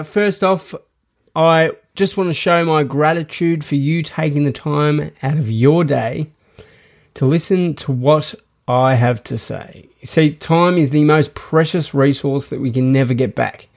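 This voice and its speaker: A man's voice: fairly high pitch, a little slow, gravelly. A man hosting a podcast in a casual, rambling monologue full of restarts and fillers. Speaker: podcast host.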